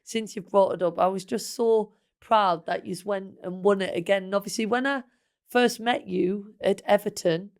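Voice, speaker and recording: A woman's voice: medium pitch, fairly even intonation, moderate pace. A woman in her thirties with a Northeast English accent, hosting a podcast in a playful, teasing casual chat. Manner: playful, teasing, laughs often. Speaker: podcast host.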